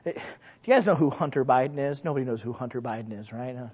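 The sermon comes from a pastor with a medium-pitched, slightly breathy voice who talks at a quick pace. He speaks to his congregation like a conversation, often quizzing them, then climbs from hushed asides into loud, emphatic exclamations. The recording is muffled and lo-fi.

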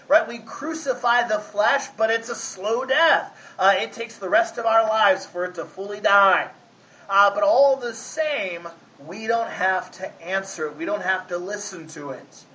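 A man's voice: high-pitched, a little slow, pushed and bright, slight background noise, poor audio. A man preaching a conversational sermon, folksy and often asking his listeners if they follow. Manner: folksy, asks the congregation 'right?'. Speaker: pastor.

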